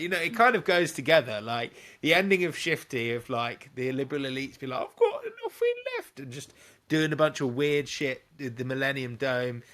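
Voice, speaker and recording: A man's voice: a little high, fairly bright tone. Chatty man hosting a podcast. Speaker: podcast host. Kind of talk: casual film discussion.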